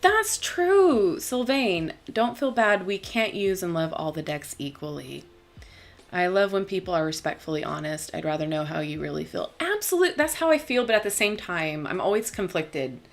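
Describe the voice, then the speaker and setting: A young woman hosting a tarot live stream, talking casually and bubbly, laughing often and filling pauses with "um". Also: lowish voice, sing-song, faint music behind. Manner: chatty, bubbly, laughs often, many fillers. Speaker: tarot channel host.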